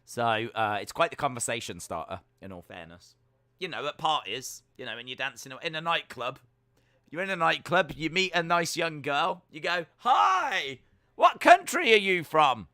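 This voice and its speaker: A British man hosting a live stream, reading viewer comments aloud and answering them with teasing, deadpan jokes. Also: mid-range voice, normal speed, no room sound, studio quality. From United Kingdom. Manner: jokey, teasing, deadpan banter.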